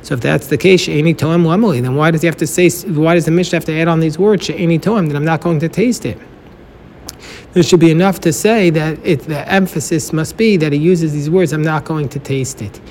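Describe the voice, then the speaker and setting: A man's voice: on the high side, brisk, darkish tone, a little hiss or hum. Man teaching Talmud in a reverberant hall. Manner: explains step by step, mixing Hebrew and Aramaic terms. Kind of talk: daily Talmud lesson.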